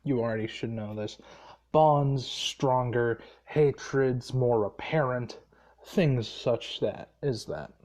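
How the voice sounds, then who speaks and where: A tired man retells a fan story off the cuff. He talks slowly and drawls, pausing on fillers. He swears freely as he rambles along. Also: medium pitch, darkish tone. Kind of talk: casual unscripted story retelling.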